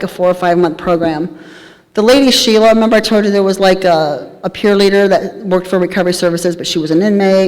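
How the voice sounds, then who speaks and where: Woman, 30s+, candid storyteller at a meeting, mid-range voice, reverberant hall. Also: mid-range voice. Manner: candid, humorous, animated storytelling. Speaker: speaker sharing recovery story. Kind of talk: storytelling talk at a recovery meeting. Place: large hall at a live event.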